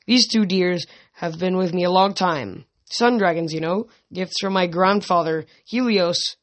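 A vengeful ancient sorceress, put on by a reader, sneers and threatens in a raised, theatrical voice. She sounds higher and louder than the narration around her. Her manner is haughty and scheming. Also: measured pace, close to an everyday voice. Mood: mocking. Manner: theatrical, mocking, then shrill and threatening. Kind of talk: audiobook reading.

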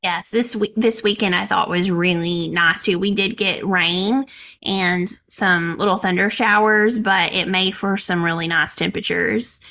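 A woman in her thirties with an Arkansas Southern accent co-hosts a podcast in a folksy, friendly way and laughs easily. Her voice is bright and lifted. She talks in an easy, chatty manner. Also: mid-range voice, fairly even intonation, unhurried. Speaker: podcast co-host. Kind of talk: casual chat.

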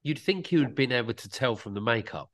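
A man's voice: mid-range voice, lively intonation, fast, fairly bright tone. A male podcast host asking a guest brief, direct questions. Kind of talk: interview questions.

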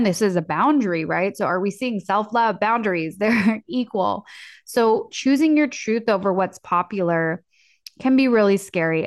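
An upbeat young woman talks casually on her own podcast, peppering her speech with fillers and acting out little quoted exchanges. Her voice sits at an ordinary middle pitch. It is recorded close on a dry mic with no room sound. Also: no room sound. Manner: chatty, upbeat, lots of fillers and acted-out quotes. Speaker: podcast host. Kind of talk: casual solo podcast talk.

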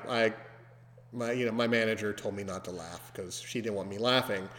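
Lower-voiced man telling a story. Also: normal speed. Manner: animated, mimics screams loudly. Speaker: podcast host. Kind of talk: casual storytelling. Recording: long hall reverb.

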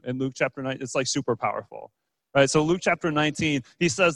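A man's voice: on the high side, fairly quick, fairly bright tone, dry recording, rough recording. A man preaching a conversational sermon as pastor, asking the congregation questions and pointing to objects as he talks. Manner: casual, asks the congregation rhetorical questions, uses props.

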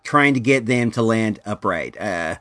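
A man hosting a casual podcast, reviewing a movie and telling stories in a rambling, filler-heavy way that turns animated in anecdotes. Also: fairly low pitch, a little slow. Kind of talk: casual comedic storytelling and review.

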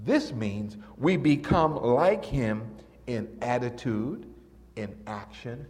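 An older man preaching a sermon and telling stories, swinging from soft and low to high and loud when excited. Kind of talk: sermon with storytelling. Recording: reverberant church hall.

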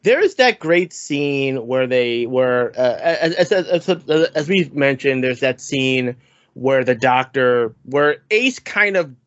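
A man co-hosting a podcast in casual chat, talking in animated bursts, often repeating words and laughing as he mimics others. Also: a little high, no room sound. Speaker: podcast co-host. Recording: dull lo-fi sound.

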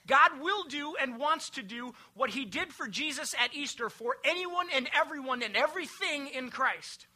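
A pastor delivers a Sunday sermon in a strikingly bright, sharp-edged voice. The delivery is emphatic, building refrains and lists, then dropping to hushed, low passages. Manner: emphatic, swings between loud declarations and hushed, low passages.

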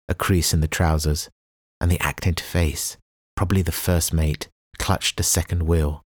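A man reading a novel aloud as an audiobook narrator, in a measured, even storytelling delivery. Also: deep voice, dry recording, studio quality. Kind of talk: scripted narration.

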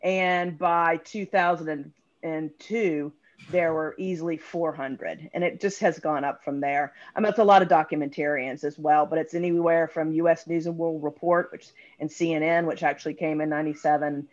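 Middle-aged female guest, brisk dry wit, muffled lo-fi recording. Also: sits low, steady tone. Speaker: podcast guest, PR agency co-founder. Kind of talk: casual interview chat. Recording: dull lo-fi sound.

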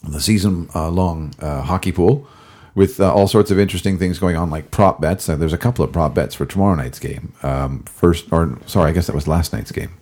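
A man hosting a casual hockey podcast, his voice a little gravelly, rambling with fillers and self-corrections. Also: deep voice, a little fast, a little mellow. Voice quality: gravelly, recovering voice. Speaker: podcast host.

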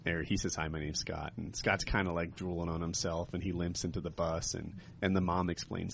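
A man chatting casually with friends and telling a long, rambling joke, laughing loudly. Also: sits low, flat delivery, brisk, vocal fry, hardly any pauses. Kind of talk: casual chat among friends. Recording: dull lo-fi recording with faint noise.

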